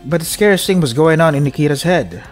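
A man's voice: a little high, animated, fast, soft background music. A young man playing a game, reading its text aloud with loose, joking commentary and frequent laughs. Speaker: let's play host.

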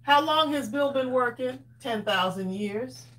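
A woman's voice: sits high, expressive, a bit bright, low-quality recording. Laughing, teasing woman reading out comments. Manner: teasing, laughs often, quick banter. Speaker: co-host of live crafting stream. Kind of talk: casual live-stream chat reading viewer comments.

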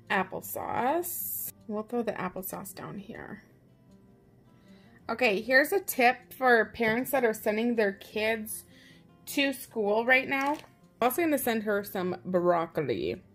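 A woman hosting her own vlog, chatting casually and upbeat with a self-teasing streak as she walks through a how-to in her home kitchen. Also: mid-range voice. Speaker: parent and vlog host.

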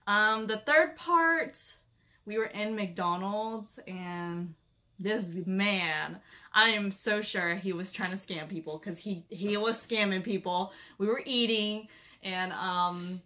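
A woman's voice: medium pitch, slow, bright, forceful tone. Chatty young woman vlogger giving warnings. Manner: chatty, rambling with many "like" and "um" fillers, giving cautionary advice. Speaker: travel vlogger. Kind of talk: casual chat.

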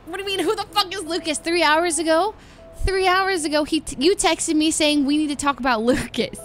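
A woman's voice: very high-pitched, brisk, faint music behind. A woman streamer talking in character during a roleplay game, playful and teasing, laughing often.

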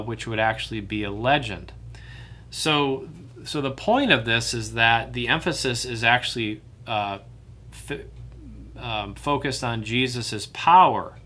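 A man's voice: lowish voice, pushed and bright, a little hiss or hum. A man leading a church Bible study, talking in a loose, conversational way with many fillers and restarts.

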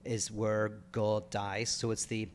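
The speaker is a Northern Irish man, accent and all, who co-hosts a relaxed podcast and considers philosophical ideas with care, often restarting what he's saying. His pitch is fairly low, his tone level, and his pace slow, with slight background noise behind him.

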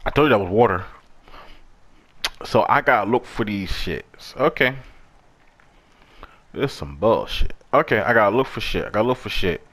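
A young man giving profane, excitable commentary while playing a horror game. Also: lowish voice, moderate pace, pauses often. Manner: profane, loud outbursts at the game. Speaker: gaming YouTuber.

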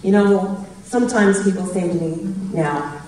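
A woman's voice: mid-range voice, unhurried, a little mellow, slight background noise. Woman speaking in an echoey hall. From Canada. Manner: chatty and anecdotal, laughing at her own jokes. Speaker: guest speaker. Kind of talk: public storytelling speech. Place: large event hall. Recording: very echoey hall from a distant mic.

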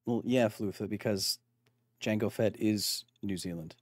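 A man's voice: on the low side, a little slow, no room sound. A man hosting a live game stream, rambling and joking with his chat as he plays. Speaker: streamer and science host.

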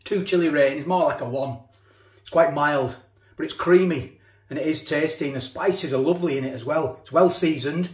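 A man's voice: on the high side, brisk, reverberant. A man casually reviewing a ready meal, chatting and eating as he talks, with cutlery clinking. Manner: chatty, eats while talking, repeats himself. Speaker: food reviewer.

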